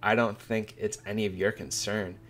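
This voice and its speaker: A man's voice: on the low side, flat delivery, moderate pace, fairly bright tone, soft background music, close to an everyday voice. A man reading aloud the lines of a boastful, lonely young boy demon from a manga, in nearly his own voice. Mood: stubborn. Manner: read aloud from a manga, barely acted.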